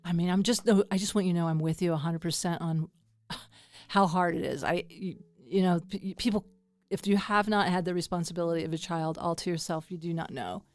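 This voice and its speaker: A woman's voice: lowish voice, fairly even intonation, brisk, a little mellow, dry recording. Woman host, casual chat, rambling, lots of restarts, dry mic. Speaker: podcast host. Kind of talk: casual conversation.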